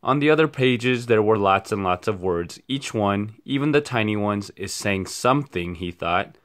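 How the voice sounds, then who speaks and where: A man reading a picture book aloud for children at a steady, expressive pace. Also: lowish voice, normal speed. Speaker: storyteller. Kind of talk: children's read-aloud storytime.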